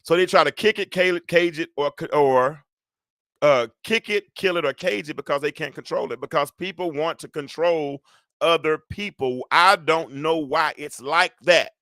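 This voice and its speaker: A man's voice: on the high side, normal speed, fairly bright tone, no echo, studio quality. A middle-aged man hosting a solo talk show in a preachy, joking way, speaking straight to his audience and calling for amens. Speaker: host.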